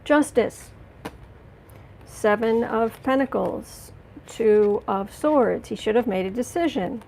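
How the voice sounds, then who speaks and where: A woman hosts a live tarot reading, her voice fairly high with a gravelly edge. She talks in halting bursts full of fillers and restarts, angry but straining to keep calm. A faint hiss sits under the recording. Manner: angry and fighting to stay calm. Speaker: tarot reader and livestream host.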